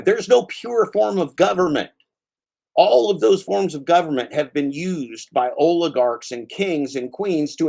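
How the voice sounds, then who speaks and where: A man's voice: on the high side, creaky, a little mellow. A man hosting his own channel, delivering a heated, profane rant and calling out a commenter by name. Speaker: channel host. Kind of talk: angry spoken rant.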